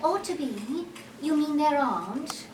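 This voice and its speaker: A woman voicing a kind, curious young girl with a gentle, wondering manner, heard in a roomy, noisy hall from a distance. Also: high-pitched, lively intonation, unhurried.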